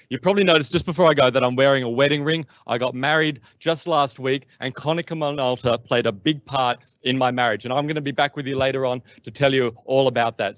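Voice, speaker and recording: A man's voice: medium pitch, a bit bright, no echo. Brief: Australian male comedian emcee, joking patter, muffled lo-fi audio. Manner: chatty, joking delivery. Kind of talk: stand-up comedy routine. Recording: dull, muffled sound.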